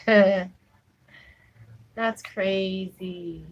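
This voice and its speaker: Talking extremely slowly with long pauses, a young adult woman keeps a steady tone in her mid-range voice as she chats casually with live stream viewers. The highs are cut off in the audio, and her chatty talk is packed with asides and fillers such as "you know what I'm saying."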